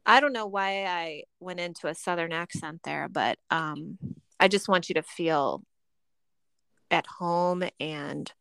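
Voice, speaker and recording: A middle-aged woman co-hosting a podcast in casual chat, animated and giggly, exclaiming with surprise. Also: fairly low pitch, slow pace, vocal fry, clear, resonant tone, dry recording. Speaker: podcast co-host.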